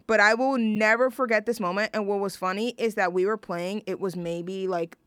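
A young woman from New York hosting a show, chatting casually and gushing excitably, with lots of filler words and slang. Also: medium pitch, moderate pace, clean tone, dry recording. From New York, USA. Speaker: show host introducing songs. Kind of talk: casual chat.

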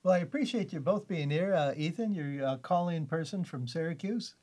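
Husky chatty radio host. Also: male voice, fairly high pitch, a little fast, darkish tone. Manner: chatty, jokey, folksy sign-offs. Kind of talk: casual radio interview.

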